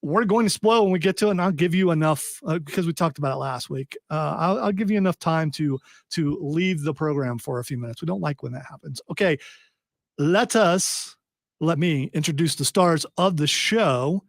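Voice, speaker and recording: A man's voice: a little high, moderate pace, creaky, dry recording. A man hosting a radio talk show in a studio, rambling and joking through the rundown. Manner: rambling, playful, jokey. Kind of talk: casual studio banter. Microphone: studio microphone.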